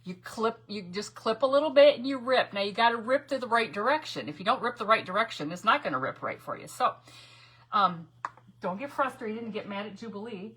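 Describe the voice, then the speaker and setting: A woman's voice: fairly high pitch, lively intonation, brisk, a bit bright, breathy edge. A woman hosting a casual live crafting stream, chatty and laughing often as she greets viewers by name. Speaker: craft livestream host.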